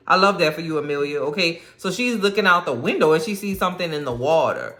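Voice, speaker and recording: A woman recapping a TV episode in a sassy, animated way, full of slang and mock outrage. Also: sits low, quick pace, few pauses, soft background music. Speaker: TV recap vlogger.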